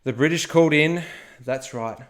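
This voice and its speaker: A man's voice: on the high side, moderate pace, fairly bright tone. Playful man telling history casually. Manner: playful, jokey asides, frequent "okay?". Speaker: podcast co-host.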